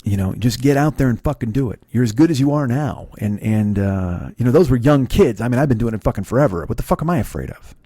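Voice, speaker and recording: A man's voice: mid-range voice, lively intonation, fast, few pauses, dark tone, husky, no room sound, clean studio sound. A middle-aged man hosting a podcast, telling a rambling, profane, self-deprecating story with many restarts. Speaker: podcast host. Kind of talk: casual storytelling monologue.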